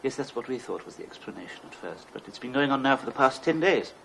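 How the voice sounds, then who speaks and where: An actor playing a guarded Soviet scientist in a film, speaking in a polite, measured, formal way. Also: male voice, mid-range voice, lively intonation, vocal fry, a bit bright, a little hiss or hum, rough recording. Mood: probing.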